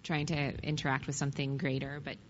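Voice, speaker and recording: A woman with a very low voice talks reflectively as a guest in a casual interview. The recording is dull, with a long reverb tail and faint background noise. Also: little pitch movement, brisk. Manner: reflective, earnest.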